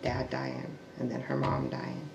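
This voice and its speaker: A man with a gravelly, creaky voice recounts a family story in a halting, searching way. He restarts sentences often and sometimes sinks into a hush. He is recorded in an echoey room with a faint noise underneath. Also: medium pitch, big pitch swings, muffled recording. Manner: halting, with restarts and trailing fillers. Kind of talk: oral history storytelling.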